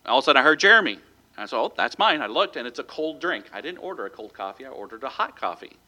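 Bright-voiced man preaching. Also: mid-range voice, sing-song, quick pace. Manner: conversational storytelling with a light chuckle. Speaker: pastor. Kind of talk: sermon.

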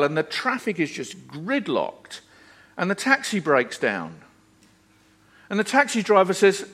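A man's voice: high voice, fairly bright tone. A man preaching a sermon in an earnest, emphatic way, repeating phrases for weight.

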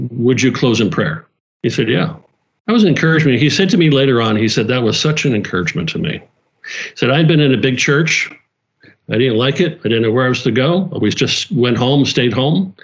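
A man's voice: medium pitch, dull audio. A man leading a small church, talking earnestly in casual conversation, repeating himself and restarting his phrases.

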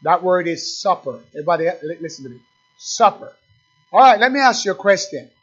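A man's voice: sits high, sing-song, a little fast, breathy edge. A male pastor preaching a sermon, emphatic and repetitive, putting questions to his congregation. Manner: emphatic, repeats phrases, asks the congregation questions. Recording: dull lo-fi sound.

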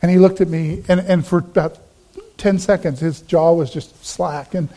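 A middle-aged man, a pastor, giving a conversational sermon and telling a personal story, quoting friends in a lowered voice. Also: steady tone, normal speed, mellow.

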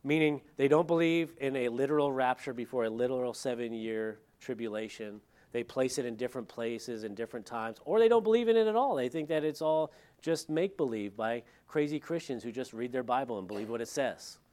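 Male pastor, mid-pitched, talky sermon delivery with wry asides. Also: fairly quick, hardly any pauses, darkish tone. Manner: conversational, with joking asides.

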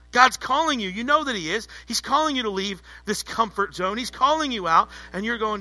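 A man's voice: extremely high pitch, lively intonation, brisk, hardly any pauses, sharp tone, no echo. A man preaching a sermon as pastor, emphatic and rhetorical, repeating key phrases.

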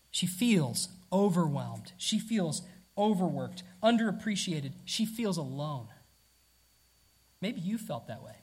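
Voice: medium pitch, husky. A preacher delivering a sermon emphatically, asking rhetorical questions and repeating key words.

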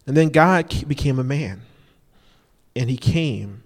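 A man's voice: mid-range voice, animated, measured pace, pauses often. A man preaching an informal sermon, repeating key phrases for emphasis and often saying "you know". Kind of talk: conversational sermon. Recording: long reverb of a large hall.

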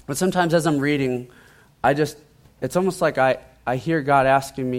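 A man's voice: mid-range voice, moderate pace. Man telling a story from the pulpit. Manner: animated storytelling, acts out quoted voices, repeats words. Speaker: preacher. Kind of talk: sermon testimony storytelling.

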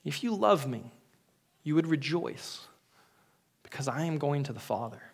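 A man's voice: a little high, lively intonation, a little slow, husky. A man giving a funeral sermon as pastor, earnest and searching, often restarting his words and sometimes dropping to a whisper.

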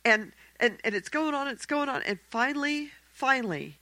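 Bright-voiced woman telling a fairy tale. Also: high voice, normal speed, no echo, low-quality recording. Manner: expressive, acts out the characters' voices. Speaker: storyteller in a church service. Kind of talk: animated fairy-tale storytelling.

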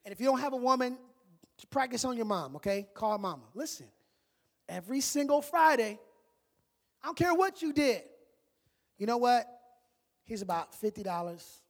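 Animated preacher in a reverberant hall. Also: male voice, very high-pitched, moderate pace, creaky, long pauses. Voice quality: animated, sweeping from loud shouts to hushed asides, playful colloquial preaching. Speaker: pastor. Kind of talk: sermon.

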